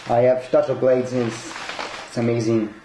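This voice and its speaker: A man who is not a native English speaker, unboxing a collectible, excitable, laughing often and swearing in broken English. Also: mid-range voice, moderate pace. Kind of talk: unboxing vlog. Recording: echoey room with noisy background.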